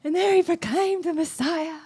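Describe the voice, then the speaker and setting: A middle-aged woman preaching a sermon, telling a personal story in an animated, self-mocking way. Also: extremely high pitch, moderate pace.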